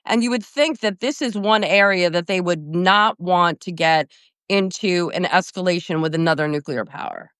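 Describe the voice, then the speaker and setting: A woman hosting casual political commentary over a video call, talking briskly and analytically with frequent fillers. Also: lowish voice, fairly bright tone, smooth, no room sound, studio quality. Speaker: host.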